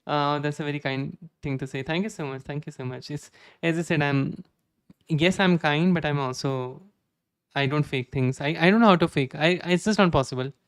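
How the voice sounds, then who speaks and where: A man's voice: on the high side, moderate pace, smooth, no room sound, studio quality. A man in his twenties chatting casually with viewers during a live coding stream, self-deprecating and often restarting his sentences. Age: 20s.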